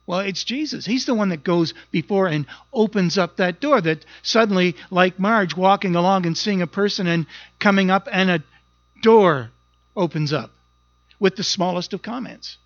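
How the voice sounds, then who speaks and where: A man's voice: high-pitched, normal speed, fairly bright tone, dry recording, lo-fi sound. A pastor preaching a sermon, earnest and emphatic, often repeating words as he goes.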